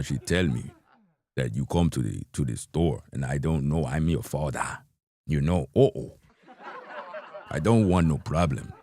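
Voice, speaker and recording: Man voicing an older Nigerian father lecturing his son, put-on Nigerian accent, low pitch. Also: dark tone, heavily acted. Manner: rambling, broken grammar, chuckling through it.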